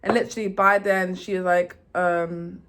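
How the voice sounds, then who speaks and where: A young woman giving a rambling, excitable recap of a video game's story, full of fillers and restarts. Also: fairly low pitch, normal speed, background noise. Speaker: vlogger. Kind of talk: casual game recap.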